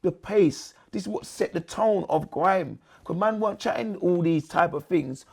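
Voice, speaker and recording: A high-pitched man, talking casually in an interview. His voice is gravelly and husky, and his delivery is slangy, with a habit of repeating "you understand". The talk is loose and unscripted. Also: moderate pace. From England. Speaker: MC, guest.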